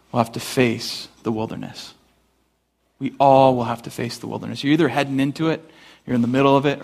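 A pastor preaching a sermon in a conversational, storytelling way, with many asides, and rising high and loud for emphasis. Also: male voice, creaky.

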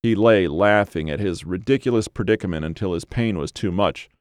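A man reading a scripted horror story aloud in a measured, grim, dramatic way. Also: deep voice, dry recording, clean studio sound. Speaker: narrator.

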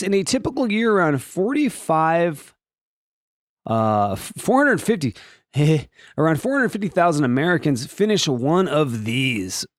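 A man's voice: no echo, clean studio sound. A man hosting a daily solo podcast, chatting casually in a rambling, jokey way. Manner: rambling, jokey, animated, swooping pitch. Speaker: podcast host.

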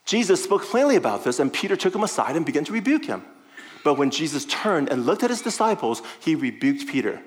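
Male preacher, conversational sermon style, animated, lively pitch. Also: brisk. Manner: animated, conversational, checking in with the listeners.

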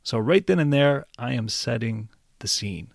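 A man's voice: medium pitch, animated, moderate pace, gravelly, no room sound, clean studio sound. A man teaching test-taking strategies in a patient, encouraging way, putting questions straight to the viewer. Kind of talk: instructional explainer.

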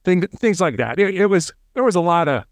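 Fast-talking man, a former hostage negotiator. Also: high-pitched, very animated, no room sound, clean studio sound. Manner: fast-talking, repeats words on restarts. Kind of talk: casual interview storytelling.

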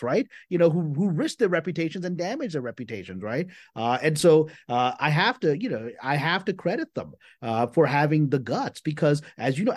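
Guy screenwriter on an interview, talks fast and excited, pushy emphatic delivery. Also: a little high, dry recording, clean studio sound. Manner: animated and emphatic, quick restarts. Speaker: screenwriter guest. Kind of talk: conversational interview.

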